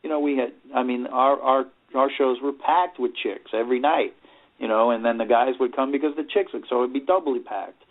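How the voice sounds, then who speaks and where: A middle-aged man from New York spins road stories as an interview guest, rambling and leaning on "you know" between thoughts. His voice sits at an ordinary pitch for a man. It comes through thin and tinny, like a phone line. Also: a little fast. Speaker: interview guest, rock singer. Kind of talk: casual storytelling interview.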